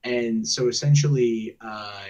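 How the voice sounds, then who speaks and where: On a muffled, distant call that was secretly recorded, a man rambles through a long, profane story, often imitating what other people said. His voice sits in the mid range, a bit slow and darkish in tone, with faint music in the background.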